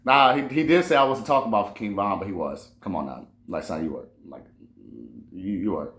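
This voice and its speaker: A man's voice: lowish voice, fairly quick, roomy sound. A man hosting a casual commentary monologue, swearing freely and rambling through restarts. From New Orleans. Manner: animated, profane, rambling with restarts. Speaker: host.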